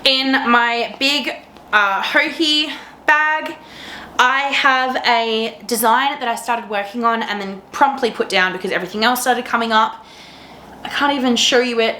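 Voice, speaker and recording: Woman, podcast host, bright enthusiastic chatter, echoey room, some faint noise behind. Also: a little high. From Australia. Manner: gushing, enthusiastic, laughs often. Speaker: teacher. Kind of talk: casual chat to camera.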